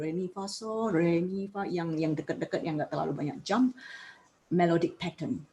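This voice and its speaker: A woman's voice: fairly low pitch, warm tone. A woman giving a piano lecture, explaining points and putting questions to her students. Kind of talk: music lecture. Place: music studio.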